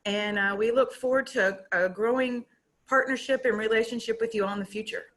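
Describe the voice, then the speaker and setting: A woman's voice: a little high, steady tone, fairly quick, fairly bright tone. A woman from a company speaking at an online graduation, tearful and gushing, laughing through her tears. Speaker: company representative. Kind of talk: emotional speech at online graduation. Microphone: video call.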